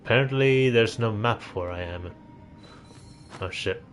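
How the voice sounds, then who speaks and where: A man's voice: lowish voice, unhurried, soft background music. Dry, sarcastic male streamer. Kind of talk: casual gameplay commentary.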